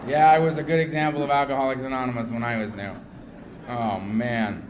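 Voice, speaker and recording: A man's voice: medium pitch, brisk. A man giving a personal testimony talk as guest speaker at a recovery meeting, acting out scenes with self-mocking humor. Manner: animated self-mocking storyteller who acts out scenes. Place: meeting room. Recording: noisy live room recording.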